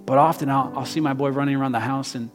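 A man's voice: medium pitch, steady tone, fast. Man preaching in a reverberant hall. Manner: conversational with frequent restarts, building to loud emphatic passages. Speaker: pastor. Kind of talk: sermon. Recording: long hall reverb with faint guitar.

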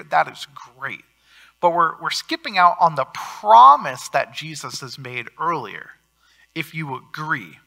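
A man preaching a sermon as pastor, earnest, with swings in loudness for emphasis. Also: a little high, expressive, slow, creaky.

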